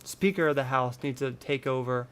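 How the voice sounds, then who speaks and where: A man's voice: mid-range voice, moderate pace, a bit bright, smooth. A man in his thirties from the United States, delivering a heated, profane vlog rant full of repetition. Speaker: vlogger. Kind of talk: angry political rant.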